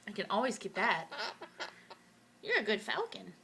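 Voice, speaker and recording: A woman's voice: mid-range voice, huge pitch swings, moderate pace, vocal fry, long pauses, background noise. A woman in a home video coaxing her pet bird to talk, repeating words in sing-song baby talk. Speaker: bird owner.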